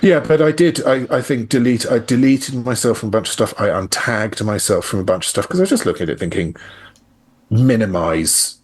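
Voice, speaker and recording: A man's voice: on the low side, a little fast, husky. A man speaking as an interview guest in a candid, reflective conversation with a wry edge. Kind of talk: casual conversation.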